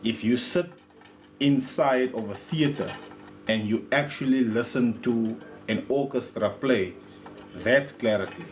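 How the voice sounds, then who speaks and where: A man who runs a speaker repair shop, talking casually to the camera in his workshop with lots of slang and frequent throat clearing. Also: medium pitch, a little slow, faint music behind.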